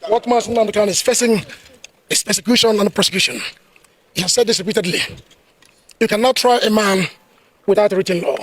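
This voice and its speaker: Husky-voiced man making an impassioned statement. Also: sits high, quick pace, long pauses, a bit bright, poor audio. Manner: emphatic, declarative. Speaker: supporter speaking to the press.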